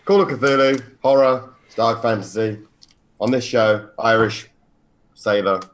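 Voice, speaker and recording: Deadpan low-voiced man. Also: measured pace. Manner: dry, deadpan, sardonic. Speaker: player. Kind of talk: casual chat.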